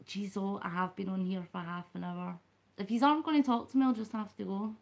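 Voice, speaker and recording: A Scottish woman speaks a little fast, with vocal fry and a medium pitch held fairly even, during her late-night live stream. Chatty and rambling, she talks casually at length and greets each viewer by name.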